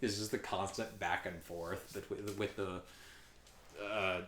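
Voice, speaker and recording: A man's voice: deep voice, steady tone, a little slow, fairly bright tone, echoey room, slight background noise. A man streaming a story game with his wife, reading its lines in put-on voices, often laughing, groaning and swearing. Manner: puts on character voices and accents while reading. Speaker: let's play streamer.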